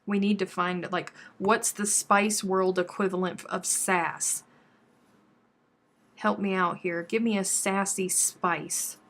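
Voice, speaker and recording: Gravelly chatty woman. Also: mid-range voice, flat delivery, slow, fairly bright tone. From Texas. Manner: chatty, reads out and answers viewer comments. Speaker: crochet live stream host. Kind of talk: casual live-stream chat while crafting.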